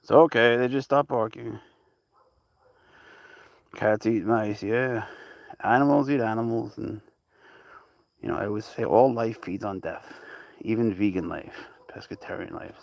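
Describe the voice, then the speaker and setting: A man's voice: fairly low pitch, unhurried, creaky, long pauses, no room sound. A man hosting a casual livestream about his pet cat, chatting to viewers with rambling asides and cooing at the cat. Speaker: cat owner and channel host.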